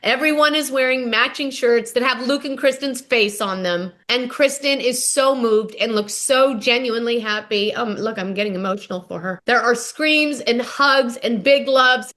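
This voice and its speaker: A woman's voice: a little high, moderate pace, few pauses, fairly bright tone. A woman hosting a podcast, recapping a reality show episode in a chatty, gushing storytelling way. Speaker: podcast host.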